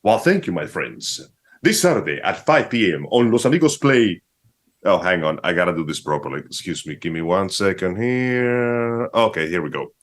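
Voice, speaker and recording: A man's voice: sits low, sing-song, normal speed. A man co-hosting a casual livestream, speaking in formal, theatrical phrasing. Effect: voice-altering program. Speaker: co-host.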